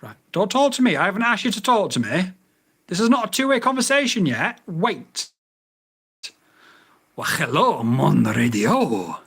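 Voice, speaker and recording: A man's voice: high-pitched, big pitch swings, fairly quick, pushed and bright, husky. A man reviewing a drone radio in a casual vlog, getting exasperated and swearing as he repeats voice commands.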